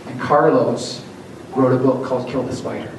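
A man's voice: medium pitch, fairly even intonation, moderate pace. A man preaching a sermon as pastor, telling a story and then urging his listeners earnestly. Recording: echoey hall, distant mic, audible background noise.

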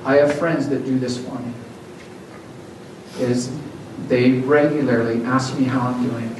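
A man's voice: medium pitch, level tone, unhurried. A man preaching a sermon as pastor, telling a story and then urging his listeners earnestly. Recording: echoey hall, distant mic, audible background noise.

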